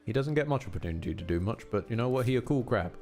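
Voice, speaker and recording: A man streaming a video game, chatting casually with wry jokes and quick asides. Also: mid-range voice, animated, darkish tone. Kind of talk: casual gameplay chat.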